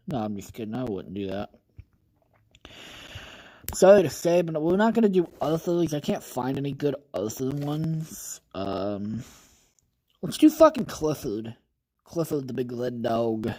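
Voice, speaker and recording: A man's voice: medium pitch, expressive, a little slow, long pauses, mellow. A young man around twenty hosting a livestream podcast, chatting casually about creepypastas in a rambling, profane, joking way.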